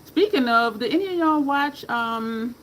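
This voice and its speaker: A woman's voice: on the high side, expressive, a little slow, fairly bright tone, a little hiss or hum, poor audio. A woman chatting casually while she does her makeup, rambling from story to story, laughing and cursing freely. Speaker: makeup vlogger.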